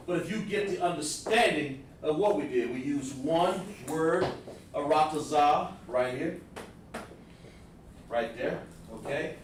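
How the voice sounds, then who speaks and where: A religious teacher whose voice sits on the high side leads a live-streamed scripture class, methodically explaining word meanings and speaking directly to the audience. Slight background noise, strong echo and a far-away mic mark the recording.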